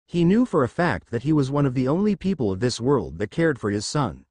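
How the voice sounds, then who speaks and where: A man narrating a fan fiction story in a steady storytelling read. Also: mid-range voice, fairly quick, hardly any pauses, no room sound.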